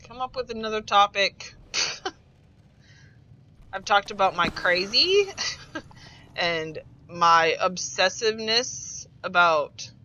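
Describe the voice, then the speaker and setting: A woman's voice: mid-range voice, pushed and bright, lo-fi sound. A woman from Minnesota with a blended Minnesotan and Texan Southern accent, chatting casually and rambling on a live stream. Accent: mix of Minnesotan and Texan Southern US. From Minnesota, USA. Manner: rambling, chatty, lots of fillers and laughs.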